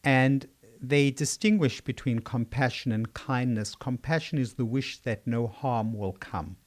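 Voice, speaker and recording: A man's voice: mid-range voice, a little slow. An older man from South Africa with a South African accent, a psychiatrist answering interview questions in a thoughtful, storytelling way. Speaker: psychiatrist guest.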